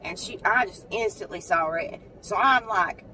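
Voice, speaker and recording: Parked at a credit union, a mother chats to the camera in a casual storytelling vlog, lively and quick to act out what other people said in a high-pitched voice. She talks at normal speed, and the rough recording, made from a distance, carries slight background noise.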